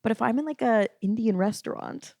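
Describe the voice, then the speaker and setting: A woman chatting playfully as a podcast guest, expressive and quick to laugh. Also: a little high, vocal fry, dry recording, clean studio sound. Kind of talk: casual chat.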